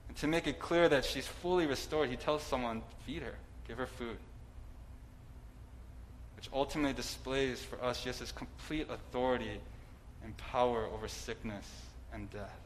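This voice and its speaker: A man delivers a sermon in a relaxed, conversational manner, slipping in asides and light humor. His voice sits in an ordinary middle pitch, with a faint background hiss. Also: moderate pace, poor audio. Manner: conversational preaching with humor and fillers. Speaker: preacher.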